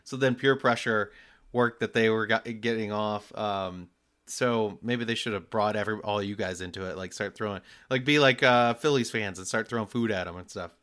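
A man with a low voice and a bright, forceful tone chats on a podcast. His banter is dry and dismissive. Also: normal speed, clean tone. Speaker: podcast co-host. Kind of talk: casual chat.

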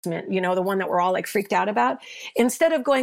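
Gravelly-voiced woman preaching earnestly. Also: medium pitch, fairly quick. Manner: earnest preacher's cadence, voices biblical figures with rising intensity. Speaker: pastor and author, podcast guest. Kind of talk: passionate faith conversation.

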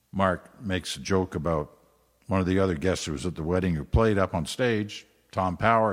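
A man's voice: deep voice, slightly rough, in a large hall. An older man hosting a podcast, talking casually and wandering into asides with some self-deprecating humor. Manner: conversational, digressive, self-deprecating. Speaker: podcast host. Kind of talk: casual solo podcast commentary.

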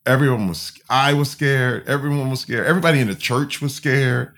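As a podcast guest, a man from Flint, Michigan, USA, tells his story candidly and emphatically at an ordinary middle pitch. He speaks briskly with a slightly bright tone, frequently circling back, restarting sentences and leaning on fillers.

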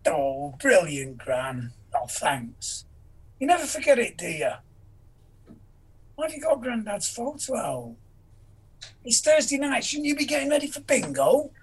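A man's voice: very high-pitched, sing-song, unhurried, long pauses, slightly rough, heavily acted, rough recording. An actor playing a caring young grandson with a Salford accent, affectionate and teasing with his gran.

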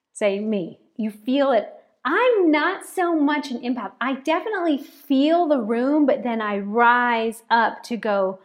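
Higher-voiced woman preaching animatedly. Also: measured pace. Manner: animated, repeats words for emphasis. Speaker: pastor. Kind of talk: sermon. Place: church, speaking to a congregation and online chat.

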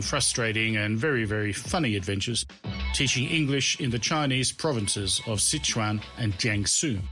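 A man's voice: lowish voice, sharp tone. A man hosting and narrating his own comic memoir in a wry, self-mocking storytelling manner. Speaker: podcast host and narrator.

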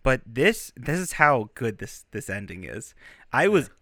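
A man co-hosting a podcast in casual chat, animated and given to exaggerated mock-outraged outbursts. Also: medium pitch, a little slow, dry recording, studio quality. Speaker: podcast co-host.

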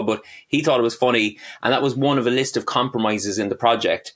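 A man's voice: mid-range voice, quick pace, hardly any pauses, a bit bright. A middle-aged man with a Cork Irish accent, chatting as a guest comedian, rambling and self-deprecating with lots of fillers. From Ireland. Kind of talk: casual interview chat.

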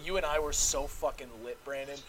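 A young man hosting a casual chat, loudly telling stories with lots of laughing and swearing. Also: fairly high pitch, steady tone, fairly quick, crowd noise. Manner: loud, laughing storyteller, swears freely.

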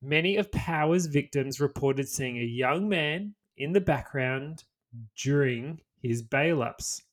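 A man's voice: on the high side, lively intonation, slow pace. An Australian man co-hosting a podcast, reading a history story aloud and dropping into casual, sweary banter. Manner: storytelling read with swearing asides. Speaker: podcast co-host.

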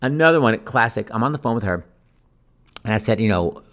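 A man in his fifties hosts a podcast with a lively voice that swoops up and down. He tells chatty, anecdotal stories. He acts out the people he quotes with big exclamations. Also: on the low side, fairly quick. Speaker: podcast host.

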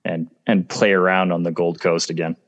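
A man from Canada speaks as a guest over a video call in a fairly low voice. He is playful and laughs often. He stumbles and restarts as he talks. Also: flat delivery, normal speed, dull audio. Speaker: actor and guest. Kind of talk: casual interview chat.

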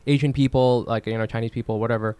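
A man co-hosting a casual podcast chat, animated, with many restarts and "you know"s. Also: mid-range voice, quick pace, smooth, dry recording.

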